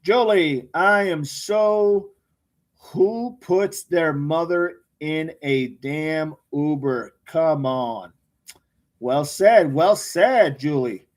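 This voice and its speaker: A man hosting a casual livestream, reading out viewer comments by name and answering them with jokes. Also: a little high. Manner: reads viewer comments aloud by name, joking and quick responses. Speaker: livestream host reading chat. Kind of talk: casual live chat.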